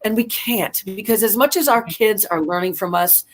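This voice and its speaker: A woman's voice: medium pitch, normal speed. A middle-aged woman guest on a casual panel chat, candid and self-deprecating.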